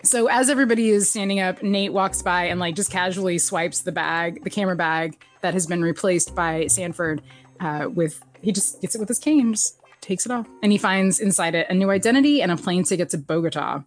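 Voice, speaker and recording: A woman casually recapping a TV episode as a podcast co-host, animated and laughing often, jumping up in pitch when she quotes characters. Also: a little fast, faint music behind. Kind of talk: casual chat.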